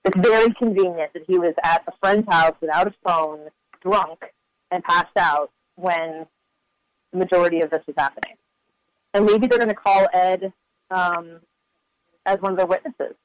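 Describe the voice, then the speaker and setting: A man's voice: high-pitched, fairly even intonation, normal speed, no echo, rough recording. A male reporter and co-host in casual conversation, thinking aloud with lots of fillers and restarts.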